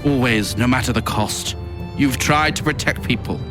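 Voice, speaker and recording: A man reading the part of a weary older male lord, in a low, subdued, earnest way, from a script. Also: moderate pace, over music, lightly acted. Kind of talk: reading a script scene aloud.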